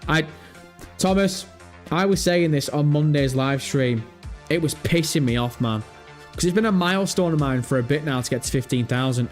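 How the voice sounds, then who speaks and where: Animated swearing streamer. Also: male voice, on the high side. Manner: animated, swears freely, thinks aloud. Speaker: live stream host. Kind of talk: casual live-stream chat.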